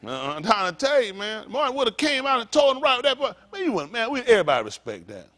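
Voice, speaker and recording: A male pastor delivers a blunt, profane sermon, constantly asking the congregation questions. His voice sits high and leaps up and down. He breaks the preaching with crude joking asides. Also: huge pitch swings, fast talker, fairly bright tone. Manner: rhetorical, repeated questions to the congregation. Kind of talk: fiery street-talk sermon.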